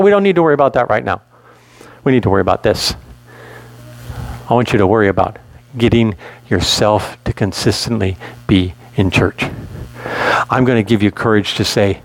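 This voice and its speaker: A man's voice: mid-range voice, expressive, moderate pace. A male pastor preaching a sermon in a conversational way, asking his listeners questions.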